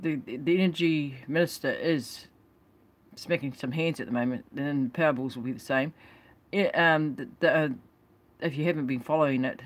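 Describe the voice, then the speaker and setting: A vlogger gives an indignant rant while reading out statistics. The speaker stumbles, restarts words and apologises while reading, and keeps calling things ridiculous. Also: medium pitch. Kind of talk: ranting commentary reading statistics.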